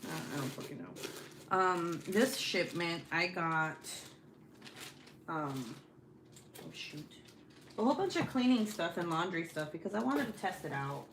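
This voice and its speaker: Woman, 30s, crafting-stream host; unhurried, foul-mouthed chatter. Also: fairly low pitch, lively intonation, noisy background. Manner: profane, rambling storyteller. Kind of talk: casual chat while crafting.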